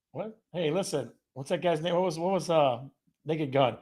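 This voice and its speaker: A man's voice: on the high side, moderate pace, a bit bright. A man hosting a casual live show, upbeat and playful, reading out viewer comments from the chat. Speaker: host of a real estate live show.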